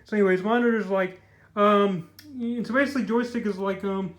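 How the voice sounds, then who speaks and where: A man's voice: sits high, fairly even intonation, fairly quick, low-quality recording. A man giving a casual comic book review, rambling and full of fillers as he retells the scenes and paraphrases what the characters say. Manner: rambling, filler-heavy, paraphrases the dialogue loosely.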